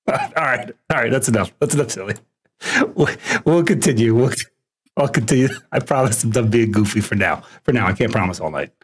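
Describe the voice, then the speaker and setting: A man's voice: medium pitch, lively intonation, normal speed, breathy edge. A man doing casual live-stream commentary while reacting to a video, laughing often and teasing.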